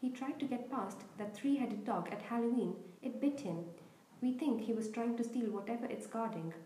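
A woman's voice: on the high side, moderate pace, mellow, echoey room, slight background noise, lightly acted. Woman reading as an eager schoolboy wizard. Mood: earnest. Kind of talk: audiobook reading.

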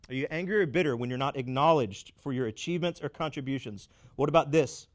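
High-voiced, emphatic preacher man. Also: animated. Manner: emphatic, building repetition with dramatic pauses and wry asides. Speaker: pastor. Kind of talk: sermon.

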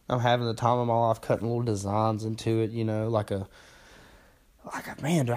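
Young male podcast host, lowish voice, loose and profane, self-deprecating storyteller. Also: darkish tone. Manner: profane, self-mocking, rambling. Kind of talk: casual storytelling.

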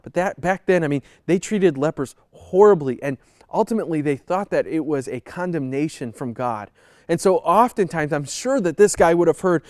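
A man with a somewhat high voice delivers a conversational sermon from the pulpit. He speaks earnestly, pressing his points with pleading emphasis. The recording is dry, with no room echo. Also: expressive, moderate pace, darkish tone. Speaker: pastor.

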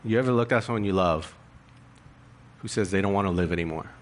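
Earnest preacher man, lowish voice. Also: quick pace. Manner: earnest, confessional, rising emphasis with rhetorical questions. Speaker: pastor. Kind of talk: sermon.

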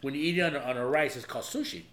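A man's voice: medium pitch, very fast, fairly bright tone. A man telling profane stories in a casual chat, laughing often. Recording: echoey room with faint hum.

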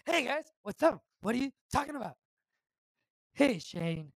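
A man doing an impression of an excited, pushy young male wrestling heir. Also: very high-pitched, unhurried, no echo, clean studio sound, voice pushed up, heavily acted. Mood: eager.

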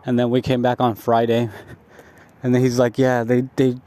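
A young man, high as he talks, tells a long, rambling story full of "like" and swearing. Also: completely flat delivery, normal speed, mellow. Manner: repetitive, profane, full of "like" fillers. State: stoned.

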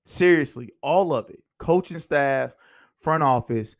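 Gravelly man ranting about basketball. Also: on the high side. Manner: animated, rambling, quick rants. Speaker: podcast host. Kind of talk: casual sports talk.

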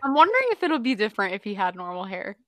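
A woman's voice: medium pitch, big pitch swings, racing, a bit bright, no echo. A young woman chatting casually on a voice call, giggly and full of "like". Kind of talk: casual chat. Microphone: voice chat call.

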